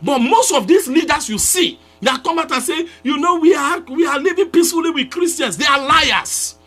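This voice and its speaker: A Nigerian pastor, a man with a Nigerian English accent, rails at his target in a fiery live address. His voice sits high and sharp, leaping up and down as he repeats his demands and breaks into shouts. Soft music plays underneath. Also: lively intonation, normal speed.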